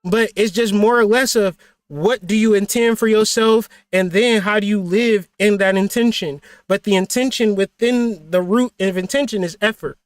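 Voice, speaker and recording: Blunt, high-voiced man preaching motivation. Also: normal speed, clear, resonant tone, no echo. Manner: blunt, profane, preachy with rhetorical questions. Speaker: spiritual teacher and channel host. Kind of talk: motivational livestream talk.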